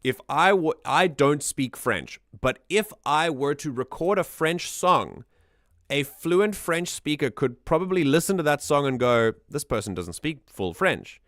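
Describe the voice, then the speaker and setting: A man's voice: fairly high pitch, lively intonation, unhurried, a bit bright, no room sound, clean studio sound. A man hosting a casual music analysis, explaining things in a chatty way with lots of fillers and restarts. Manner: hums and sings examples to show rhythm.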